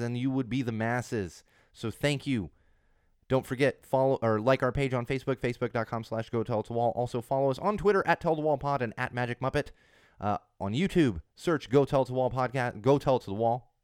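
A man in his thirties with a hoarse voice from a cold, hosting a podcast in a casual, rambling monologue with lots of restarts and emphatic repeats. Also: mid-range voice, fairly quick, darkish tone, no echo, studio quality. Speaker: podcast host.

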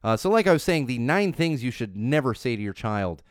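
A parenting podcast host in his thirties gives a casual solo talk in a very animated, fairly quick mid-range voice, recorded in clean studio quality with no room sound. He's emphatic and repetitive, with many fillers and restarts.

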